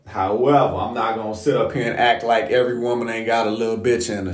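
A man's voice: lowish voice, a little fast, few pauses. A man hosting a podcast, talking in a loose, rambling monologue full of swearing. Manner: profane, loose and conversational. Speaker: podcast host. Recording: roomy echo.

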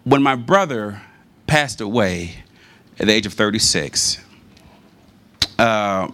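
A man preaching a sermon in a conversational, animated storytelling manner. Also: on the low side, slow pace.

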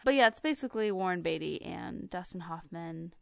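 A woman's voice: lowish voice, animated, fairly quick, gravelly, no room sound. A young American woman co-hosting a podcast, chatting casually and trailing off with lots of fillers. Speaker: podcast co-host. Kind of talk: casual chat.

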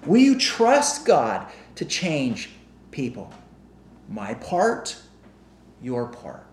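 Animated male preacher in an echoey room. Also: medium pitch, drawn-out words, slight background noise. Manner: animated, asks the congregation questions. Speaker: pastor. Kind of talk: sermon.

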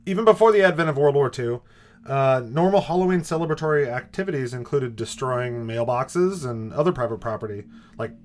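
A man's voice: mid-range voice, lively intonation, a little fast. Rambling, wry male podcast host. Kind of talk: casual chat.

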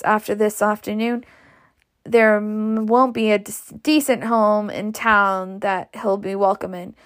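A woman's voice: mid-range voice, natural voice. A woman voicing a stout, indignant older matron who scolds self-righteously.

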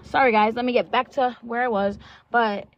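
A blunt young woman vlogger with a fairly high, fairly even voice tells a story casually at normal speed. She swears often, peppers her talk with "like" and "um," and acts out quoted dialogue, all on a dull lo-fi recording.

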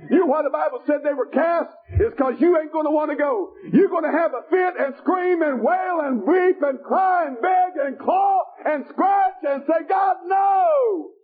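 Man, fiery revival preacher, very high shouting voice, tinny phone-line sound. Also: moderate pace, hardly any pauses. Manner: shouting, rhythmic preaching with folksy grammar.

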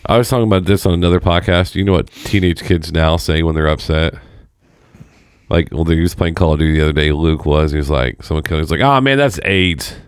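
A man's voice: extremely low pitch, fairly even intonation, fast talker, smooth, dry recording, clean studio sound. A man in his thirties on a casual podcast, telling stories and acting out quotes. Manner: storytelling, acts out quotes. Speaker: podcast co-host.

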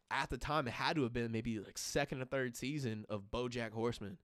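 A man's voice: mid-range voice, quick pace, hardly any pauses, dry recording, studio quality. A young man chatting casually on a podcast, rambling through profane stories with lots of fillers. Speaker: podcast co-host. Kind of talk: casual chat.

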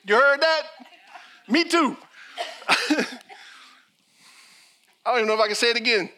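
Animated middle-aged preacher guy, high voice, tells stories and plays the parts. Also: takes it slowly, pauses often. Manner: animated storytelling preacher, acts out quotes. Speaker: pastor. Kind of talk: sermon.

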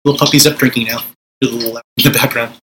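A man's voice: medium pitch, fairly even intonation, rapid-fire, fairly bright tone, slight background noise, low-quality recording. A middle-aged man, a Pentecostal minister, teaching spiritual warfare in a conversational preaching style, acting out prayers in a commanding voice.

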